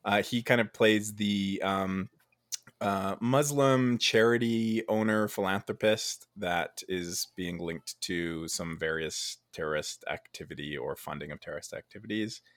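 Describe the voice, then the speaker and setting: A man's voice: low voice, a little slow, no echo, studio quality. A man hosting a casual chat about a film, talking loosely with many fillers and restarts. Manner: relaxed, hesitant with many fillers.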